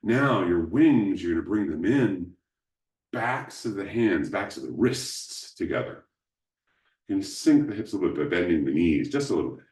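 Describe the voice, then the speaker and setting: A man teaching qigong postures step by step, calm and instructive, with dry joking asides. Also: deep voice, normal speed. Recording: roomy sound, mic at a distance.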